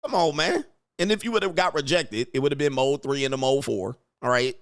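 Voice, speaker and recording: A man's voice: mid-range voice, fairly quick, no room sound, studio quality. A middle-aged man hosting casual commentary, brash and crude, laughing often. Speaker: host. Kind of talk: casual commentary reacting to clips.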